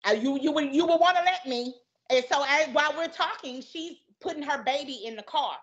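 A woman's voice: high-pitched, brisk, a bit bright. A young woman telling a dramatic, profane story in a casual podcast chat, acting out both sides of the argument. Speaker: podcast guest. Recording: muffled lo-fi podcast audio.

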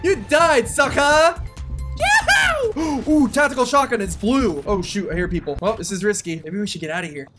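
A man hosting his own gaming channel, giving excitable let's-play commentary and whooping and yelling as he plays. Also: sits high, fast, hardly any pauses, over music.

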